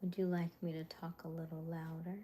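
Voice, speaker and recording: A sleepy young woman host chatting with her viewers on a livestream, mostly in a soft whisper. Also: low voice, level tone, a little fast, slight background noise. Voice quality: whispered voice to preserve it. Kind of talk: casual live chat.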